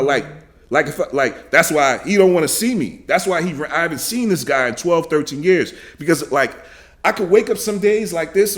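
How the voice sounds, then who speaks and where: A man in his thirties hosting a reaction video, ranting angrily and profanely, repeating himself and shouting in bursts. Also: a little high.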